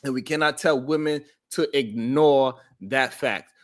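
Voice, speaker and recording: A man hosting a live-stream talk show, talking in an emphatic, slangy, animated way. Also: medium pitch, unhurried. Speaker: host.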